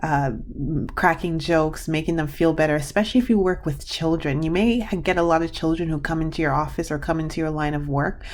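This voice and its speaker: A woman's voice: low voice, steady tone, a little fast, few pauses. A woman giving a pick-a-card reading to her viewers, rambling and gushing, with many restarts. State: tearful. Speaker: tarot card reader.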